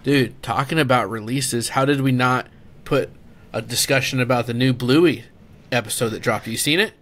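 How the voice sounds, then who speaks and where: A man co-hosting a casual podcast, excitable and quick to laugh, full of "like" and "dude.". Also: medium pitch. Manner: excitable, laughs easily, says "dude" and "like" a lot. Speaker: podcast co-host. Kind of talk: casual chat.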